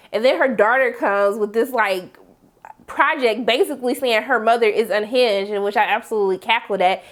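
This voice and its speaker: A woman chatting casually as she recaps a TV episode, slangy and animated, acting out her own reactions. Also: mid-range voice. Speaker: TV review vlogger.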